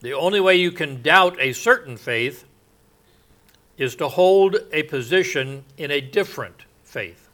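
A man preaching a sermon in a slow, halting way, with many pauses and fillers. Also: medium pitch, bright, forceful tone.

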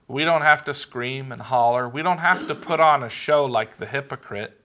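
A man preaching a sermon as pastor, earnest and measured, leaning on emphatic pauses. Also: mid-range voice, pushed and bright.

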